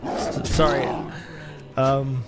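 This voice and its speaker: A man's voice: mid-range voice, flat delivery, extremely slow, over loud music. Wry American man reading donations. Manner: wry, offhand, chuckling asides. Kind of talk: casual live-stream chat.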